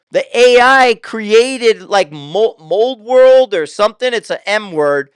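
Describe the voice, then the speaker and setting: A man's voice: high-pitched, clean tone, no echo, studio quality. An older man hosting his own show, talking in a casual, rambling way with loose, profane asides. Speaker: show host.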